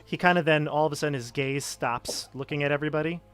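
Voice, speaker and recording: A man narrating as game master of a tabletop game, casual and halting with many fillers. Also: on the high side, steady tone, fairly bright tone, smooth, soft background music.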